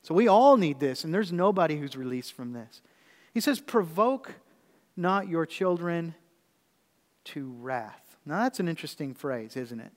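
A male pastor in his thirties preaching a sermon in a church, often asking the congregation questions. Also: a little high. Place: church sanctuary. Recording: reverberant church hall.

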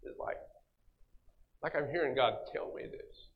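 A man preaching as a pastor, telling a testimony in an animated storytelling way and often clearing his throat. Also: medium pitch, moderate pace, long pauses, highs cut off.

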